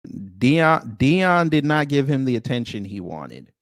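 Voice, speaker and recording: A man's voice: medium pitch, very animated, a little slow, no room sound, clean studio sound. A man hosting a live reaction stream, talking casually and mockingly, often breaking into laughter.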